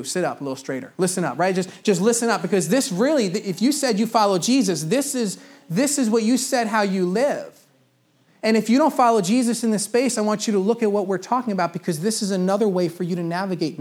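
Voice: mid-range voice, a little mellow. A pastor preaching a sermon in a conversational way, repeating key phrases for emphasis.

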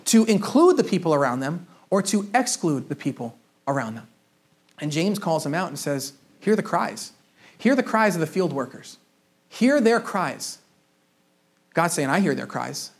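A preacher delivering a sermon in a conversational way, speaking straight to the congregation, often repeating words and restarting phrases, and acting out quoted voices with shifts in pitch and loudness. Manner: conversational, addresses the congregation directly; frequent word repetitions and restarts.

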